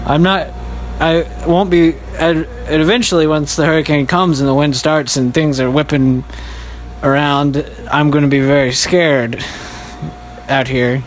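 A man's voice: a little high, steady tone, measured pace, a little hiss or hum, natural voice. A man voicing a nervous male TV field reporter standing out in a storm, rambling and stumbling through his on-air report, recorded on a phone. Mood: anxious. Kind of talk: improvised news-reporter parody.

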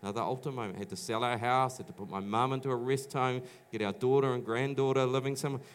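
A man's voice: mid-range voice, steady tone, fast talker, smooth. A middle-aged man from New Zealand preaching a sermon, telling his own stories in a chatty way with many restarts and acted-out quotes. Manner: conversational storytelling, many restarts, acts out quoted voices. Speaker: pastor. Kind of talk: sermon with personal testimony. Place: church auditorium.

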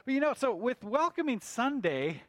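High-voiced Minnesotan podcast host. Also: male voice, big pitch swings, moderate pace, dry recording, soft background music. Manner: playful, rambling storytelling. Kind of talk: casual joke-telling.

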